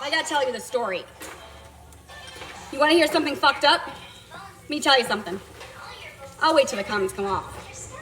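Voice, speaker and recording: A woman with a high, sharp voice vents to her viewers in a blunt, indignant rant about a personal story, swearing along the way. She's a vlogger, and the recording is rough.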